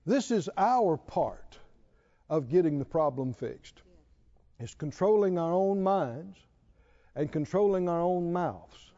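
A man's voice: on the high side, expressive, slow, mellow, lo-fi sound. A middle-aged male pastor preaching a sermon, punctuating his points with emphatic exclamations and quoted scripture.

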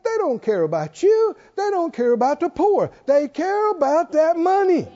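A man's voice: very high voice, very animated, normal speed, warm tone, lo-fi sound. A man preaching a sermon, emphatic and driving his points home with repeated rhetorical questions.

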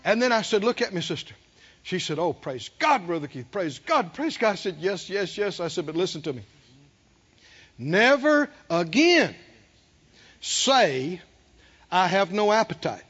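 A man preaching a sermon, fervent and rising to emphatic shouts. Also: high-pitched, animated, brisk, breathy edge. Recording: dull lo-fi sermon recording.

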